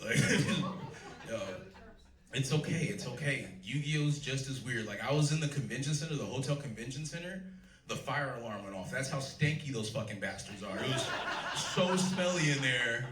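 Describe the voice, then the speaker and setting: A man's voice: medium pitch, recorded from a distance, noisy background. A man in his thirties doing a stand-up set on a club stage, talking to a live audience and laughing at his own jokes. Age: 30s. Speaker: stand-up comedian. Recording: roomy club sound, live crowd.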